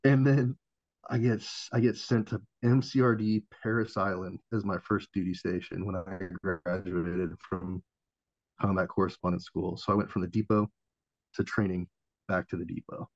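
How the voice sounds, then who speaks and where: A man's voice: deep voice, level tone, moderate pace, no echo. A man in his thirties, a podcast guest and former Marine, telling a story in a laid-back, profane, casual way. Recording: dull lo-fi audio.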